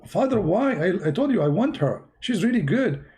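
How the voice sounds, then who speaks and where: A man's voice: very animated, normal speed, dark tone. A man voicing a flustered young man who pleads with his father in a joke. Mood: pleading. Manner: high, pleading, incredulous.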